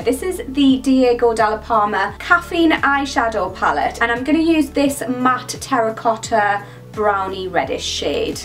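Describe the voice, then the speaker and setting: A young woman chatting casually through a makeup tutorial, gushing with enthusiasm about each product. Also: mid-range voice. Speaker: beauty vlogger. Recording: mic at a distance, faint background music.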